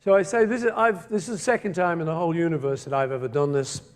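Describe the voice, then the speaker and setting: A man reading a poem aloud on stage, then joking with the audience in a playful, halting way full of fillers. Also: on the high side, noisy background. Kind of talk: poetry reading and stage banter. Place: large hall with a live audience. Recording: reverberant live hall with crowd.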